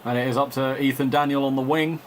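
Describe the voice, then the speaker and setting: A man's voice: mid-range voice, steady tone, quick pace, slight background noise. A man doing playful mock football commentary over a video game, joking, laughing often and chatting with viewers. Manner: jokey, laughs often, breaks off to chat with viewers.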